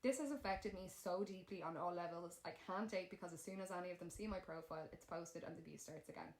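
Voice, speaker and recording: A woman's voice: lowish voice, fast. Blunt irish woman with a roomy echo. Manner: blunt, swears freely. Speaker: podcast co-host. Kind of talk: casual chat.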